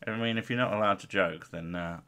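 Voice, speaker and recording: A man's voice: lowish voice, a little fast, pushed and bright. A man hosting a casual chat, teasing his co-host with dry, mock-exasperated humour. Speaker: podcast host.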